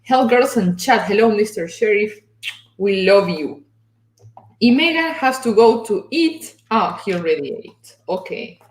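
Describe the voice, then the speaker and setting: A woman's voice: mid-range voice, animated, unhurried. Chatty woman hosting in a roomy space. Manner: chatty, effusive, greets viewers warmly. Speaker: host. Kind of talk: casual livestream chat. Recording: roomy echo.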